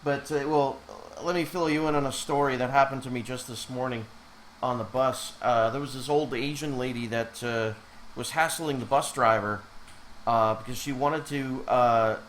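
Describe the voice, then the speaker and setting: A man's voice: medium pitch, fairly even intonation, moderate pace, fairly bright tone, a little hiss or hum, low-quality recording. A man who has a cold, chatting casually while streaming live as an animator and reacting to his chat.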